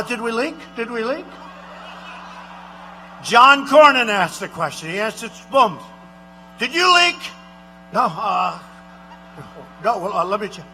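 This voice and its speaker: A rambling, boastful president, as a man puts him on, working a rally crowd with loops of repetition and sudden shouted lines. The voice sits very high and bright, almost strained. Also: lively intonation, measured pace, long pauses, soft background music, full character voice. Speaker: impressionist. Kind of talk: political impression, rally speech.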